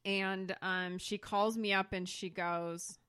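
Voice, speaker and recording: A woman's voice: medium pitch, slow, clear, resonant tone, dry recording. A woman chatting casually on a podcast as the studio owner, telling a story and acting out the quotes. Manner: animated storyteller who acts out quotes.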